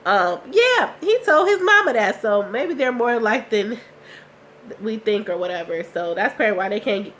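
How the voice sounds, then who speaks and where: A young woman recaps a TV episode from her couch at home, talking in a loose, slangy, chatty way. She is under the weather, so her voice comes out a bit rough. A faint hiss sits under the recording. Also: a little high, lively intonation, moderate pace, fairly bright tone. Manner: chatty, slangy, reacting with laughs and asides. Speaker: TV recap vlogger.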